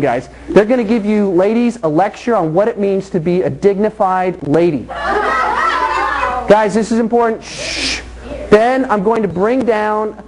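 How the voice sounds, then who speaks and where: A man's voice: sits high, a little mellow, low-quality recording. A man preaching a casual, joking sermon to a youth group, acting out little scenes with people from the group. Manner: joking, illustrates with acted scenes from the congregation. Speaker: youth pastor.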